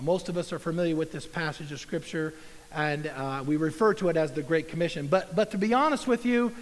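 A pastor preaching a sermon, earnest and conversational, acting out little asides and inner dialogue. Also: male voice, sits high, long reverb tail, rough recording.

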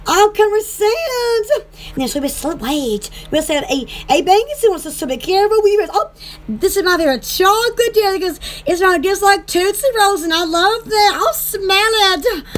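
A woman's voice: very high voice, lively intonation, normal speed. A woman, chatting in a rambling, bubbly way as an online shop host, often breaking into giggles. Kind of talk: casual rambling chat.

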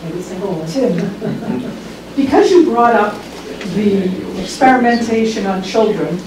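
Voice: mid-range voice, animated, moderate pace, background noise. An audience member asking questions from the floor of a lecture and cutting in to finish the speaker's sentences. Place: library meeting room. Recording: echoey room, far from the mic.

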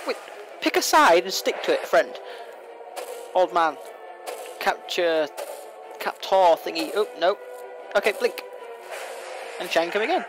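A young man casually commentating a video game, talking fast, rambling and taunting the boss. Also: sits high, music in the background. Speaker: gameplay commentator. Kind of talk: casual let's play commentary. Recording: noisy home recording.

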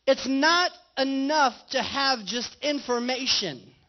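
A man's voice: very high-pitched, takes it slowly. A male pastor preaching a conversational sermon in a church and putting questions to his congregation. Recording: dull lo-fi livestream audio.

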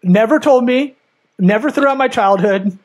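A man in his thirties with a notably high voice, hosting a podcast. He jokes and teases his way through the conversation, quick to pile on a bit. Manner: jokey, animated, teasing. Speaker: podcast host. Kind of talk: casual podcast chat.

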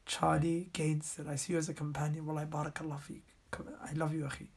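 A young male preacher speaks on a live stream in a hushed, breathy voice, earnestly pleading with his listeners. His tone stays flat and level, with a rough, gravelly edge and a very husky, airy texture. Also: a little high, fast. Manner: earnest pleading, reading viewer comments aloud. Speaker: Islamic preacher. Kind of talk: live-stream sermon reading comments.

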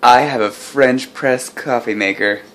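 A man's voice: medium pitch, takes it slowly, fairly bright tone. A man vlogging casually at home while making coffee, rambling with self-mocking, mumbled asides.

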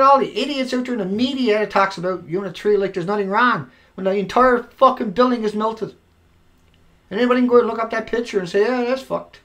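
A man recording an angry, profane rant to camera, swinging between yelling and quiet muttering. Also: sits high, brisk. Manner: profane, shouting and then dropping to quiet. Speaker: video blogger. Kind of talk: angry ranting monologue. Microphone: home recording mic.

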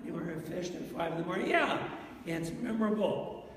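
A man's voice: high voice, lively intonation, brisk, far from the mic, background noise. A pastor preaching an interactive sermon, asking his congregation questions and telling stories. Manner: asks the congregation questions, storytelling. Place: church sanctuary. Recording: echoey church with long reverb.

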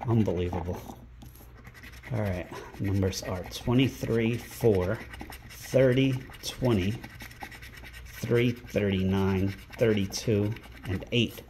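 Guy doing a scratch ticket vlog, reads numbers real slow, mellow low-key voice, faint noise behind. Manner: calls out numbers one by one, bursts into excited exclamations. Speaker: scratch-ticket channel host. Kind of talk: casual vlog narration while scratching tickets. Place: indoors at a rental home.

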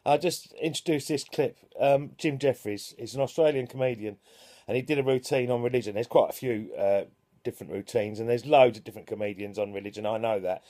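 Mellow-voiced man introducing a clip. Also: mid-range voice, brisk. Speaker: channel host introducing a clip. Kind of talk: casual video intro.

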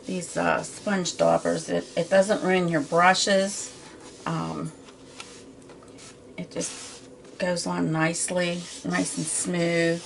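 A woman's voice: fairly low pitch, little pitch movement, takes it slowly, creaky, long pauses, a little hiss or hum. A middle-aged woman giving a casual, chatty painting tutorial from her home studio, with homey asides as she works. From Pittsburgh area. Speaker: art teacher.

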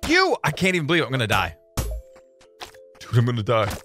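A man giving casual let's-play commentary on his own video, excitable, swinging between mumbling and loud outbursts. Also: medium pitch, fast, music in the background. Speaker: gaming YouTuber.

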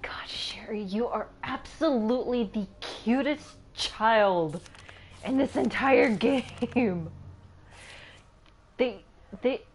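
Female streamer, casual gameplay commentary, playful and self-mocking, slow delivery. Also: a little high, a little hiss or hum. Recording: faint game music behind.

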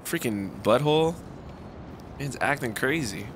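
A young man giving casual, excitable commentary while playing a video game, often shouting and laughing. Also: mid-range voice, a little slow, noisy background. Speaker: gaming streamer.

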